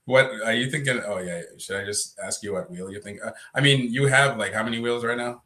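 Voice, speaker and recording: A man's voice: medium pitch, fairly quick, sharp tone. A man co-hosting a casual livestream, chatty and loose, often breaking into laughter. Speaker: livestream co-host.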